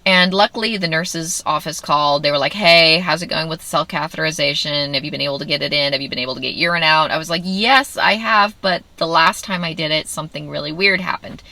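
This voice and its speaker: A woman's voice: deep voice, fast, creaky, hardly any pauses, bright, forceful tone, dry recording. A woman telling a candid personal story in a wry way, acting out what others said. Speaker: vlogger.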